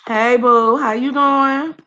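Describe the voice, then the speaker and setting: A woman's voice: a little high, fairly even intonation, slow, bright, forceful tone, lo-fi sound. A woman hosting a casual live stream, chatty and slangy, greeting viewers by name. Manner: scolds her dogs mid-stream.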